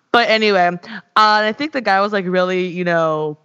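Young woman podcast co-host, rambly and giggly, average pitch, muffled low-fi sound. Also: brisk, pushed and bright, clear, resonant tone. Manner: giggly, rambling, self-interrupting. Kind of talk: casual chat. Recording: dull lo-fi audio.

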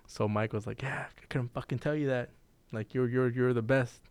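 A man's voice: mid-range voice, fairly even intonation, normal speed, background noise. A man co-hosting a boxing podcast in casual chat, laid-back and trailing off, swearing now and then. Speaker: podcast co-host.

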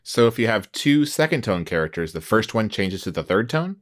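A man hosting a conversational language lesson, animated and playful, often laughing and feigning alarm. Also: lowish voice, fairly quick. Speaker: host.

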